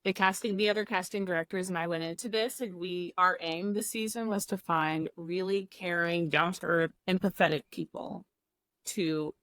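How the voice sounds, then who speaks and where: A woman's voice: fairly low pitch, fairly even intonation, normal speed, a bit bright, no room sound. Chatty young woman, dry close sound. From Midwest of the United States. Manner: chatty, heavy use of "like", earnest. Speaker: guest, former cooking show contestant. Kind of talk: casual interview chat.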